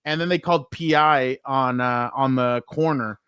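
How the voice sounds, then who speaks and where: A man co-hosting a sports podcast, telling excited stories from the locker room and quoting players in a casual, chatty way. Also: mid-range voice, normal speed, clear, resonant tone, no echo, clean studio sound. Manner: excited storytelling, quotes players. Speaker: sports podcast co-host and reporter.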